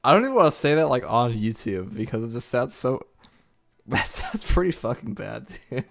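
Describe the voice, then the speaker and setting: A man's voice: mid-range voice, very animated, normal speed, vocal fry, a bit bright. A young man streaming his reactions, swearing often, laughing in disbelief and stumbling through slangy restarts.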